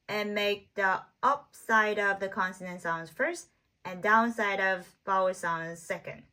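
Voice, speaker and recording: Female tutor, bright clear tone, very slow and deliberate drilling of sounds. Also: mid-range voice, low-quality recording. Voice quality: simple non-native English with grammar slips. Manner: slow, deliberate, repeats single sounds for learners. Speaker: Korean language teacher. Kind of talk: slow step-by-step pronunciation lesson.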